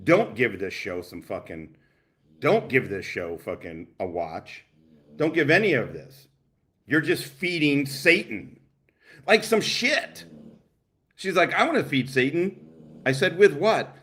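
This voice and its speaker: A man hosting a livestream, reacting to a clip with loud, profane, laughing commentary and shouting out donors. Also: medium pitch, slow, pauses often. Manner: loud, laughing, swearing, animated. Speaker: livestream host.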